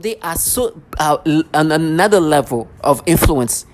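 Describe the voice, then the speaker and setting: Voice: medium pitch, lively intonation, moderate pace. A vlogger ranting to camera in an agitated, accusatory way, full of sarcasm and stammered restarts.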